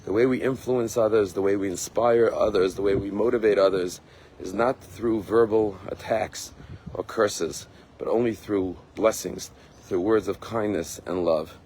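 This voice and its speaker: A man, a rabbi, giving a sermon and telling a story, earnest, slowing down and lifting his voice to stress key words. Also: lowish voice, fairly even intonation, a little mellow, slight background noise. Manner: earnest, slows and rises for emphasis.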